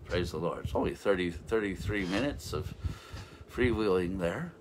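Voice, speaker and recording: A man's voice: low voice, normal speed, noisy background. A man giving an informal, rambling sermon as a revival minister, with frequent restarts and interjections of praise.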